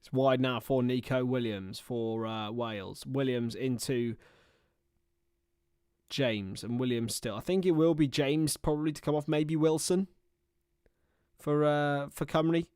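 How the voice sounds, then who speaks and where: A man's voice: medium pitch, fairly even intonation, a little slow, darkish tone, clean tone, no echo, clean studio sound. A young man giving casual livestream football commentary, mixing play-by-play with rambling, chatty asides. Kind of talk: casual watchalong match commentary.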